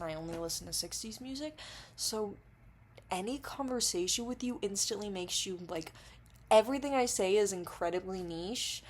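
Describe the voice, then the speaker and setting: A woman rambles to the camera in a loose, casual vlog monologue while intoxicated. She giggles and swears freely as she wanders from one thought to the next. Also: on the low side. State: under the influence. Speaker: vlogger.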